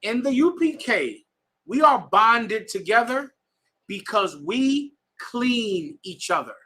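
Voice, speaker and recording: A man's voice: high-pitched, very animated, takes it slowly, sharp tone. A man teaching a bible class to students in a room, emphatic and slangy, telling readers to keep going. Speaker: scripture class instructor.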